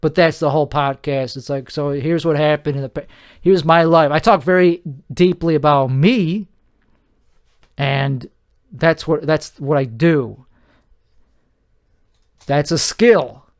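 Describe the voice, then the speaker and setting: A man's voice: on the high side, slow, pauses often. Tired man rambling through a solo podcast. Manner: meandering, self-deprecating, trails off mid-sentence. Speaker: podcast host. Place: at home.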